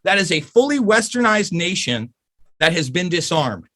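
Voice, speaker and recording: Casting: high, very animated male voice, furious and swearing, podcast guest rant. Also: moderate pace. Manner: angry, profane, emphatic.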